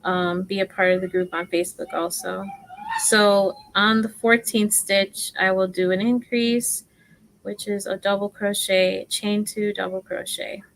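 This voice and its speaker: A woman's voice: medium pitch, fairly even intonation, fairly bright tone, rough recording. A woman teaching crochet on a casual livestream, chatting and murmuring stitch counts under her breath. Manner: slow, chatty, self-deprecating, often drops to murmurs while counting stitches. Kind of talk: casual live tutorial.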